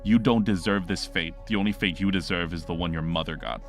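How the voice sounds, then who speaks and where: Cold taunting rival girl, cutting, deep, as a man reads her. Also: fairly quick, soft background music. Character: taunting young woman rival.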